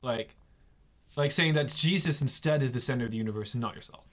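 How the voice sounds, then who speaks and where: A man hosts a relaxed faith podcast and chats casually with a guest. His voice sits in a middle pitch. He jokes a lot and drops quick asides between his points. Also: slight background noise. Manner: jokey and laughing, quick asides. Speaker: podcast host.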